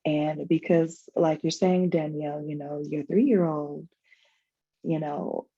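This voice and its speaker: A woman with a husky, gravelly voice and a mellow, dark tone tells a personal story in a panel conversation. She speaks emotionally and reflectively, pausing and restarting often. The sound comes through a dull, lo-fi video call. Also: low voice, steady tone. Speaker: guest, foundation founder.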